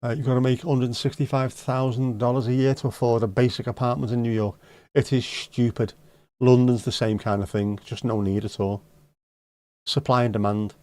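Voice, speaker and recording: A middle-aged man hosts a relaxed live stream. He reads viewers' comments aloud and teases them in a joking, conversational way. His voice sits at a middling pitch and is recorded close up with a dry, deadened sound. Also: normal speed, dry recording. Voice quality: joking, teasing banter. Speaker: livestream host. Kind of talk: casual chat reading out viewer comments.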